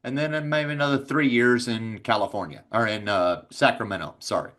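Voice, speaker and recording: A man with a Texas accent talks casually as a podcast guest. His delivery is laid-back and anecdotal, with easy swearing. His voice sits at an ordinary middle pitch. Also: a little fast, fairly bright tone. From Texas, USA. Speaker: insurance agency owner, guest.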